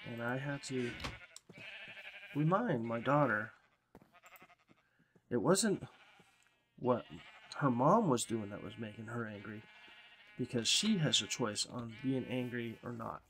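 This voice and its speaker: A man in casual game commentary, rambling and easygoing, who slips into a higher sing-song voice to coax animals. His pitch sits mid-range for a man, and he chews a cough drop while talking. A steady hiss of background noise runs under the recording. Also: slow pace, pauses often. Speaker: gameplay commentator.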